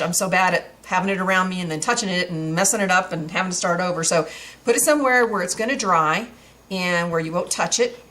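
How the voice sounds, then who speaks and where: A woman with a fairly low voice hosts a craft tutorial and explains each step as she works. She talks in a chatty, easygoing way, full of fillers and small restarts. A faint hiss sits under the recording. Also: a bit bright. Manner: chatty, with many fillers and restarts while working.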